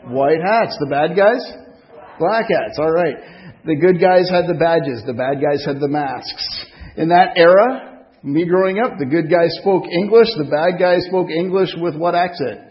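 A male pastor with a French accent gives a relaxed, conversational sermon, full of little fillers and questions to the room. His voice sits a bit high, and the recording has a dull, lo-fi sound. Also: measured pace. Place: church hall.

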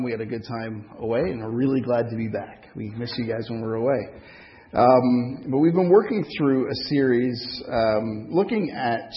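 A man's voice: medium pitch, lo-fi sound. A man with a French accent preaching a sermon in a church hall, talking conversationally and putting questions to the congregation. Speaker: pastor.

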